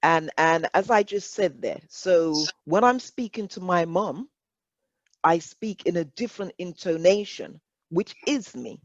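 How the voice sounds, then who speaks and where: A woman's voice: fairly low pitch, expressive, a little slow, no room sound. A woman leading a workshop discussion, speaking earnestly and reflectively, often repeating words as she works through a point. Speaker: workshop facilitator. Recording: dull lo-fi dry sound.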